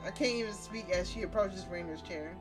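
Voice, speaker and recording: A woman's voice: medium pitch, a little fast. Woman streamer reading a story game aloud. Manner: dramatic reading broken by blunt, profane outbursts. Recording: music playing behind.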